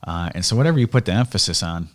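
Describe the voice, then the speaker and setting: A man's voice: sits low, animated, rapid-fire. A middle-aged man hosting a casual podcast, chatting with his father and telling family stories in a reflective way. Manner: storytelling, reflective. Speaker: podcast host.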